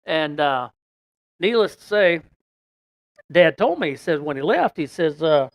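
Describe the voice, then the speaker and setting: A man telling a long fishing story in a casual, folksy way, rambling with many "and, uh" pauses. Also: a little high, animated, gravelly, no room sound. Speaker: podcast guest telling a story.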